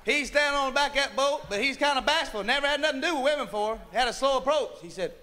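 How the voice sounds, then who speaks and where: A man's voice: extremely high pitch, quick pace, sharp tone. A man doing crude, profane stand-up comedy on a nightclub stage, telling a story in a rowdy way, on a noisy vinyl recording of the live show.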